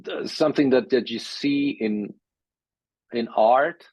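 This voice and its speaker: A male musician guest from Germany in a casual interview, speaking haltingly and repeating words while he thinks. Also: mid-range voice, a little mellow, dry recording. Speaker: bass guitarist guest. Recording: dull, muffled sound.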